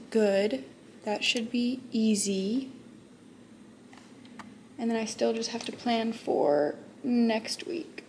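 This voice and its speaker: A young woman teacher vlogging in her classroom, chatting casually and thinking out loud, often gushing. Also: fairly high pitch, slight background noise. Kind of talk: casual vlog chat. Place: school classroom.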